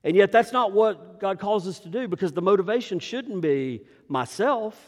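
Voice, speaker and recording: A man's voice: high-pitched, lively intonation, moderate pace. A male pastor delivers a sermon in a slightly raised voice. He leans into key points, then falls almost to a murmur. A long hall reverb trails each phrase. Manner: preaching with emphatic rises and hushed drops.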